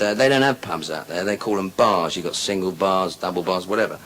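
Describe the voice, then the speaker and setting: Male comic, low voice with a lively, bouncing delivery, rambling bawdy pub stories. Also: brisk, few pauses. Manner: chatty, bawdy storytelling, lots of asides. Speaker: stand-up comedian. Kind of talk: stand-up comedy storytelling.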